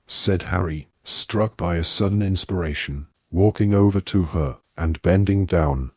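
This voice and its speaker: Male narrator, husky deep voice, measured storybook reading. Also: a little mellow, dry recording. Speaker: audiobook narrator. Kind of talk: scripted narration.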